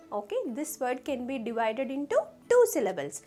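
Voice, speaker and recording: Slow, lively-voiced woman teaching phonics. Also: high-pitched, faint music behind. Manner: slow, sounding out letters and asking the class questions. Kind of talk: children's phonics lesson.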